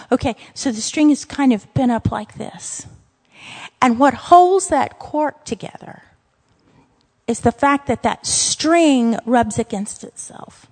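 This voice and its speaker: A woman with a Louisiana accent teaching a Bible lesson, earnest and emphatic, with quick asides to herself. Her voice sits high. It rings out with a long reverb, as if in a large hall.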